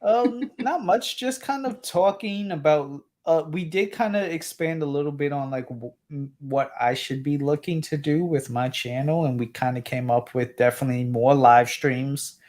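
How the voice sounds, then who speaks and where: A man's voice: fairly high pitch, normal speed, hardly any pauses, darkish tone. Tired New York man hosting a livestream; rambling, filler-heavy casual chat. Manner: rambling, many fillers and restarts. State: tired, late at night. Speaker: livestream host.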